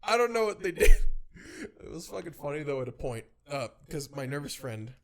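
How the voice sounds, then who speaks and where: A man in his twenties co-hosting a casual podcast chat, telling profane stories, laughing often and acting out shouting voices. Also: a little high, brisk, gravelly. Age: 20s. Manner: animated storytelling, acts out loud shouting voices. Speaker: podcast co-host.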